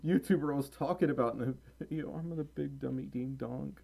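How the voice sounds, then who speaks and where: A man's voice: medium pitch, brisk, creaky, warm tone, husky. A man from Mississippi hosting a casual livestream, reading chat aloud, tired and rambling with frequent laughs. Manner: chatty, giggly, tired and rambling. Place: home room.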